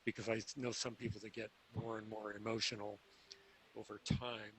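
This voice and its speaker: A man's voice: on the low side, little pitch movement, normal speed, fairly bright tone, slight background noise, low-quality recording. A man in an online class asking the teacher a thoughtful question over a video call. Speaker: class participant.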